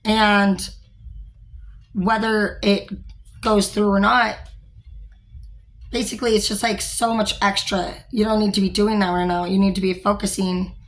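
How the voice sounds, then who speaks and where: A woman's voice: medium pitch, flat delivery, a little slow, long pauses. A young woman, a store manager, talking frankly and rambling in a casual vlog, with many fillers and some swearing.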